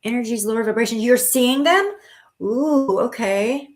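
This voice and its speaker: A woman's voice: on the high side, measured pace. Chatty reassuring woman hosting a live stream. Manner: warm and reassuring, calls viewers honey and sweetheart; chatty with frequent restarts and fillers. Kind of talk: casual live-stream chat.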